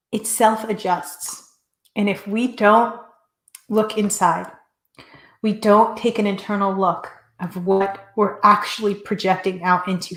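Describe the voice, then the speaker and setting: In an echoey room, a female talk show host gives a passionate motivational speech with a repetitive, rallying cadence. Her voice sits in the mid-range and is a bit bright.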